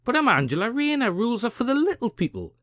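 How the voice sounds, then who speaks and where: A man with a Geordie accent voicing a sneering caricature of a smug woman politician, in drawn-out sarcastic tones. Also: very high voice, sing-song, a bit bright, dry recording, studio quality, voice pushed up, full character voice.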